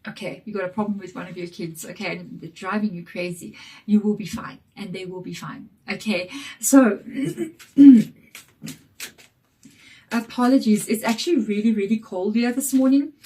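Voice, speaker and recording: A woman giving a casual tarot reading to camera, croaky from a chesty cold, reassuring and direct. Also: mid-range voice, steady tone, moderate pace, warm tone. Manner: reassuring and direct, checking in with "okay?". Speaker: tarot reader.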